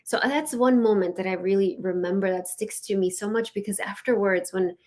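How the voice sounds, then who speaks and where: A woman's voice: medium pitch, fairly quick. A woman hosting her own show, giving a casual spiritual teaching in an earnest, storytelling way with many "like"s and "you know"s. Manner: earnest, with soft laughs. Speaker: host and spiritual leadership teacher.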